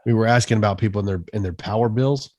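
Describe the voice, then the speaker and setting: A man with a low voice tells a patrol story in an easy, rambling way, chuckling at his own memory. The recording is dry and close to the mic. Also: fast, no echo, dull audio. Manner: relaxed storyteller, laughs at his own tale. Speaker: podcast co-host. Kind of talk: casual veterans' podcast chat.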